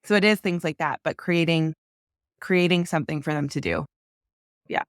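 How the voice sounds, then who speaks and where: A woman's voice: sits low, normal speed, dry recording, clean studio sound. A woman speaking as a podcast guest, talking earnestly and emotionally about parenting, with lots of "like" fillers. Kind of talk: candid conversational interview.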